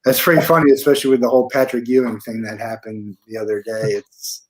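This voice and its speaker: A man hosting a casual interview over a video call, chatting in a relaxed way and repeating his questions. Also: mid-range voice, fast talker. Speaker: host.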